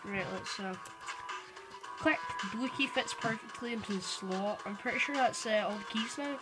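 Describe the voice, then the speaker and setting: A woman giving casual let's-play commentary, reading the on-screen text aloud and reacting quickly. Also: fairly high pitch, rough recording. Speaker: gamer. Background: game music.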